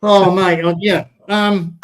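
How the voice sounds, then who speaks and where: Breathless, high-voiced man. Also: little pitch movement, slow, a little hiss or hum. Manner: rambling, hesitant, then heated and profane. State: short of breath. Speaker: livestream host. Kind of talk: casual livestream chat.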